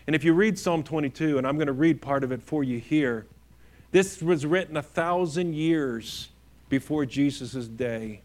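A man preaching a sermon earnestly, rising to emphatic peaks and dropping to hushed, quiet phrases. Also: on the high side. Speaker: pastor.

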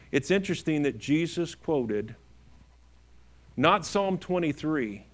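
A male pastor delivers a sermon in an earnest preaching manner. His voice sits a little higher than most men's. He swells on key phrases and falls to near-whispers on others. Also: animated, a little slow. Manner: earnest preaching with emphatic rises and hushed drops.

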